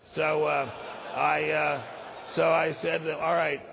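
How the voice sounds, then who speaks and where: A man's voice: on the high side, flat delivery, takes it slowly, gravelly, crowd noise, noisy background. A man in his sixties from the Washington, D.C. area, telling a comic anecdote to a conference audience in a dry, sardonic way. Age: 60s. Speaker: conference speaker.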